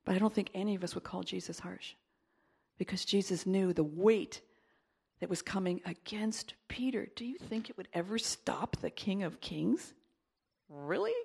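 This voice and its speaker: A woman preaching to a congregation with real conviction. Her voice has a gravelly, creaky edge. She falls to a near whisper to stress a point, then climbs into loud, fervent prayer. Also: medium pitch, animated, moderate pace, pauses often. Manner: emphatic, breaks into whispers and rises to loud exclaiming in prayer. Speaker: pastor. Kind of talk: sermon and prayer.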